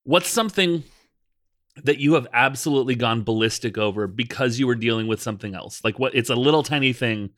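A man co-hosting a podcast, asking questions in a lively, casual way. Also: mid-range voice, dry recording, clean studio sound. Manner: lively questioning, quick bursts. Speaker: podcast co-host. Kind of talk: casual chat.

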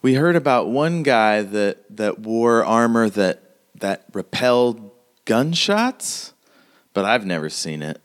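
A man's voice: lowish voice, sing-song, takes it slowly. A man voicing a timid, kind young townswoman who stammers and hesitates. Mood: earnest.

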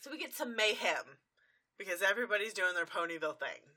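A woman's voice: mid-range voice, big pitch swings, sharp tone. A woman co-hosting a podcast, recapping a cartoon episode in a chatty way. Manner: chatty narrator of the story, quick to act out lines. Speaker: podcast co-host.

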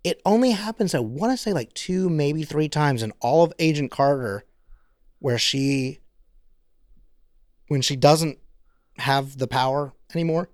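A man's voice: fairly high pitch, animated, unhurried, pauses often, a little mellow, no room sound, studio quality. A man co-hosting a podcast in casual chat, rambling with many fillers and acting out quotes. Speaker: podcast co-host.

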